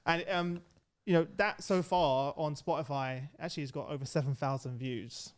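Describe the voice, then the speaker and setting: A young man hosting a casual podcast chat in an office, excitable and quick to laugh, often restarting his sentences. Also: a little high. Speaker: podcast host. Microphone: podcast microphone in an office.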